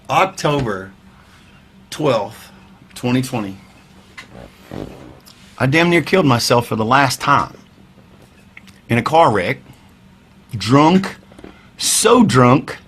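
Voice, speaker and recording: A man, a veteran musician telling his story in a casual interview, candid and wry, swearing freely and dropping into quiet asides. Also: medium pitch, a little hiss or hum. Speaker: podcast guest, veteran musician.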